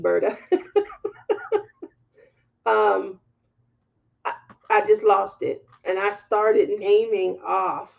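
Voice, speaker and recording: A woman hosting a craft livestream, telling a story to her viewers in candid, animated casual chat and laughing as she goes. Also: mid-range voice, creaky, highs cut off.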